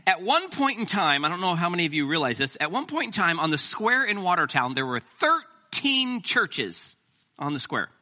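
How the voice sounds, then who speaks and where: A middle-aged man preaching a sermon as pastor, animated and joking with the congregation. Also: high voice, normal speed.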